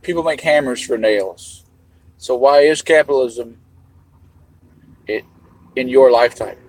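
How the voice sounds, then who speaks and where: Husky man rambling on a livestream. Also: medium pitch, a little slow, dry recording, low-quality recording. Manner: rambling, swears casually, talks to chat while eating. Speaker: livestream host. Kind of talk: rambling live chat.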